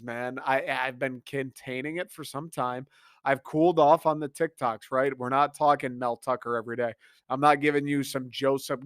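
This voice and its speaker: A man's voice: medium pitch, fairly bright tone, no echo, studio quality. A young man hosting a sports podcast, talking in a fired-up, repetitive monologue with casual swearing. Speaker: podcast host.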